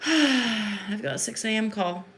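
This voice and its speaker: A woman's voice: fairly high pitch, a bit bright, slight background noise. A woman hosting a casual livestream into her phone at home in the evening, rambling and effusive, with lots of fillers. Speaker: livestream host and spiritual reader.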